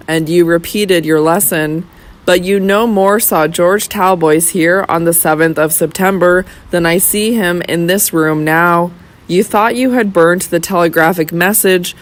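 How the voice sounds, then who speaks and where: Reader doing a solemn, relentless gentleman. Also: mid-range voice, close to an everyday voice. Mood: cold accusing. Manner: slow, solemn, measured. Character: young gentleman, grave and relentless accuser. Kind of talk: audiobook character voice.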